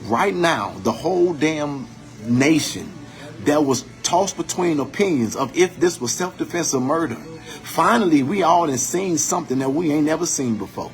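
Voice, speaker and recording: A man's voice: fairly high pitch, expressive, moderate pace. A man giving an impassioned, profane commentary monologue, building his points with preacher-like repetition.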